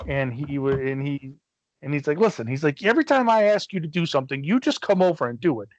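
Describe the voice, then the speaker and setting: Talking quickly and expressively in a voice on the high side, a middle-aged Michigan man co-hosts a podcast and rambles through a long story, cursing freely and acting out what people said. The recording is muffled, with no room sound.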